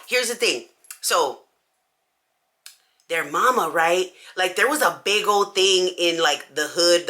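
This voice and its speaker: A woman vlogger telling a story in casual slang while she does her makeup, acting out each person's lines. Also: on the low side. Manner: animated, acts out everyone's lines in the story; casual slangy talk with many "like"s. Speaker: beauty vlogger.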